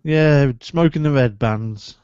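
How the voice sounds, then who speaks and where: A man's voice: medium pitch, slow, noisy background. A man co-hosting a live podcast, joking and teasing. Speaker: podcast co-host. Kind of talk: casual live podcast chat. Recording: dull lo-fi live stream audio.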